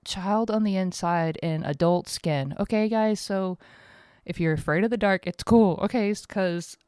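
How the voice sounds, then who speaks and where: A woman's voice: medium pitch, unhurried, darkish tone, clear, resonant tone, no echo, clean studio sound. A woman in her thirties hosting a casual solo podcast from home, tired, rambling and candid, swearing freely. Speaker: podcast host.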